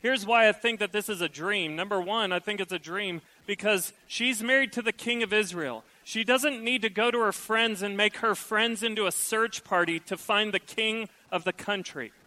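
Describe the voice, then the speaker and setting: A middle-aged man preaching a sermon, lively and acting out the voices he quotes. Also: high voice, normal speed, hardly any pauses, low-quality recording. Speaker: pastor.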